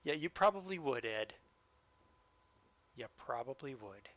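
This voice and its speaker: A man's voice: medium pitch, expressive, unhurried, a bit bright, no echo. A man streaming a train simulator live, joking and chatting to the game as he drives. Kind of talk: live-stream gameplay commentary.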